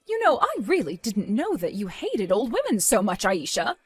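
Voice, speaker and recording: A disappointed mother near retirement, calm, stern and reproachful, as a woman acts her out. Her voice still moves a lot in pitch. Quiet music runs underneath. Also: moderate pace. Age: 50s.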